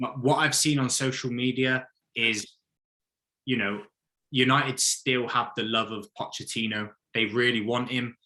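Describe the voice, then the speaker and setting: A man giving his opinions in a casual football chat, animated and blunt, often acting out what others might say. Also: mid-range voice, measured pace. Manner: opinionated, animated, mock-quotes others in put-on voices. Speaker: podcast co-host, football fan.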